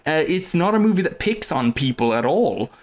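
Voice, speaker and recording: A man's voice: on the high side, very animated. Man thinking aloud about a film. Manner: halting, thinks aloud with restarts. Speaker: podcast co-host. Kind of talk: casual film discussion.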